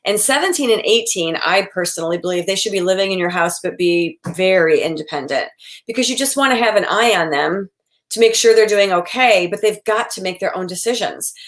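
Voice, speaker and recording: A woman's voice: mid-range voice, lively intonation, fairly quick, fairly bright tone. A woman in her forties, a psychotherapist giving casual advice and acting out quoted lines of dialogue. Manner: chatty, acts out quoted dialogue. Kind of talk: casual expert advice talk.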